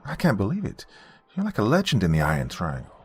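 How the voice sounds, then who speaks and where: A man's voice: lowish voice, huge pitch swings, quick pace, breathy edge, voice pushed up, heavily acted. A man voicing a young, nervous Army private who talks eagerly and stammers. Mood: excited.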